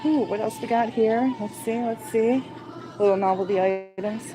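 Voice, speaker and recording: A chatty woman's voice, slightly high, laughing easily as she greets viewers during a late-night livestream from a shop. Music plays clearly in the background, and she speaks into a handheld phone. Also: normal speed, poor audio. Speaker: livestream host. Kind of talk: casual livestream chat.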